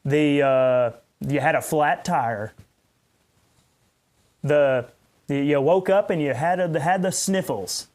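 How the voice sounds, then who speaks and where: A man's voice: on the high side, slow pace, long pauses, a little mellow. A man, a pastor hosting a podcast, rambling and ranting in unscripted commentary with sarcastic asides.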